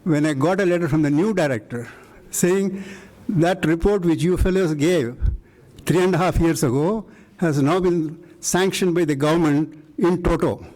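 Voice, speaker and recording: An older man from India, an invited speaker, shares a career anecdote live in a lecture hall, telling it emphatically and voicing the dialogue. He speaks at a moderate pace in a fairly high, slightly mellow voice, though the audio is poor.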